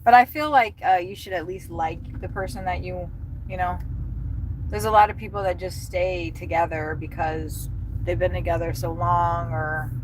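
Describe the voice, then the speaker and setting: A woman's voice: on the low side, fairly even intonation, normal speed, rough recording. A middle-aged woman chatting casually to her live-stream viewers while she drives, rambling and laughing often. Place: inside a car on city roads. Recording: loud car and road noise.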